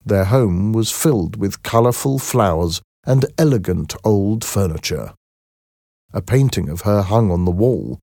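Male storybook narrator, slow and expressive. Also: on the low side, creaky, no echo, clean studio sound. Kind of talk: scripted storybook reading.

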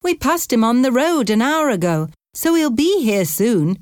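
A woman's voice: fairly high pitch, animated, measured pace, a little mellow, no room sound, clean studio sound, voice pushed up. A woman reading aloud and voicing a friendly, chatty male taxi driver with an Irish accent in an audiobook. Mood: cheerful.

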